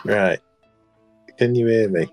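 A tired man, mumbling and low-key in a gaming voice chat. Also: slow pace, darkish tone, soft background music. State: tired, drowsy. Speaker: gamer in voice chat. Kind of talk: casual banter.

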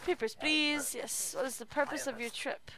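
A woman's voice: high-pitched, moderate pace, a crowd in the background. A woman streaming a video game and commenting as she plays, often muttering to herself while she works. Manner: talks to herself while working, mutters under her breath. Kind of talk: let's play commentary.

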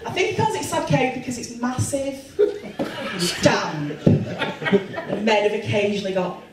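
A woman's voice: fairly high pitch, unhurried, distant mic, heavy background noise. Bawdy woman in her forties doing stand-up. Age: 40s. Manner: self-deprecating, bawdy, deadpan asides. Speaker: stand-up comedian. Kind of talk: stand-up comedy set. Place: comedy club stage with audience. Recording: roomy live club sound with crowd laughter.

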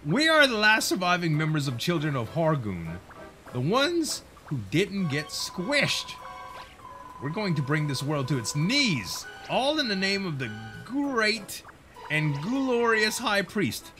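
A gloating slime monster for a video game, high and gleeful, dragging out words with wet slurps, as a man puts him on. The delivery is lively and bouncy in pitch. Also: slow pace, soft background music, full character voice, poor audio.

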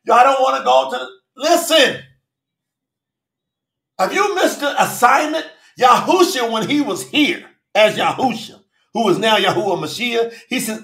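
A man preaching a fervent livestream sermon, often shouting and calling out viewers by name. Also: very high-pitched, reverberant. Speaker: preacher and channel host.

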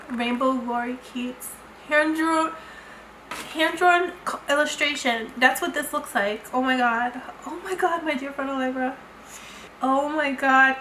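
A woman's voice: high-pitched, pushed and bright, roomy sound, a little hiss or hum, rough recording. A woman beauty vlogger chatting through an unboxing, gushing and exclamatory as she talks to her viewers. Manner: gushing, effusive, frequent exclamations. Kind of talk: unboxing vlog chat.

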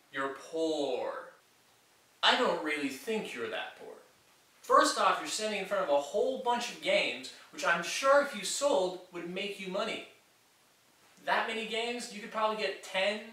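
A man's voice: sits high, sharp tone, heavy reverb, recorded from a distance. Sarcastic man mocking a vlog. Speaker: comedy vlog reviewer. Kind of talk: sarcastic comedy commentary.

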